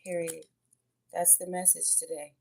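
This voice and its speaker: A woman's voice: on the low side, level tone, measured pace, creaky, mellow. A woman giving a casual tarot and oracle card reading to her viewers, chatty and blunt, swearing freely and calling them babies and y'all.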